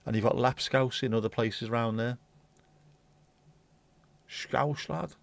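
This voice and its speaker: A man's voice: medium pitch, little pitch movement, fairly quick. A man hosting a livestream, chatting bluntly and rambling through viewer comments with the odd swear. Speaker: livestream host. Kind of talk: casual chat reading viewer comments.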